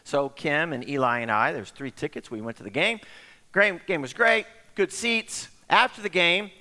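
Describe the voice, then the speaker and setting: A middle-aged man preaching a sermon as pastor, telling stories in an animated way and acting out the voices of the people in them. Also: a little high, moderate pace. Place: church sanctuary. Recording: long hall reverb.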